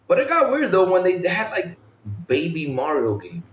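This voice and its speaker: Animated man in casual gaming chat. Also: on the high side, measured pace, roomy sound. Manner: animated, mimics game sounds, swears casually. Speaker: podcast host.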